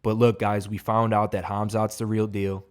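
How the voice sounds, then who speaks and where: A man's voice: lowish voice, level tone, moderate pace, a little mellow. A man giving a casual, profane fight reaction, rambling and emphatic. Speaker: MMA reaction host.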